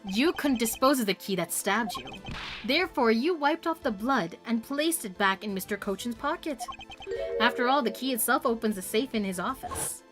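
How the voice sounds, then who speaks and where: A woman reading a confident male prosecutor's accusations from a game in her own voice, measured and pointed. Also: a little high, animated, music in the background, lightly acted. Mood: accusing.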